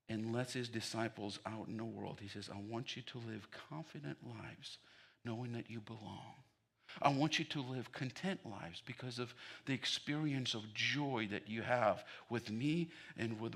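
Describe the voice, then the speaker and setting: A man preaching a sermon as pastor, telling stories with humor and building to excited emphasis. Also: medium pitch, gravelly, slightly rough. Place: church sanctuary.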